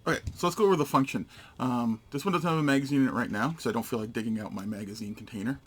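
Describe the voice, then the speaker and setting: A man's voice: medium pitch, racing, slightly rough. A man giving a casual, hands-on product demonstration, narrating each step in short, matter-of-fact phrases. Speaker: gun reviewer.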